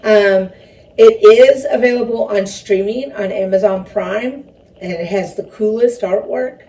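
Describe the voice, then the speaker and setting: A chatty woman, heard from a distance, is being interviewed casually as a filmmaker and performer. She rambles and laughs self-consciously, her medium-pitched voice mellow and measured. Faint background noise sits behind her.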